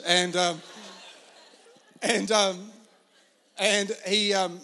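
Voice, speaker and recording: High-voiced Australian preacher. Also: male voice, moderate pace, fairly bright tone, slight background noise. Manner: casual, storytelling, lots of fillers. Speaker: pastor. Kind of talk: sermon with storytelling.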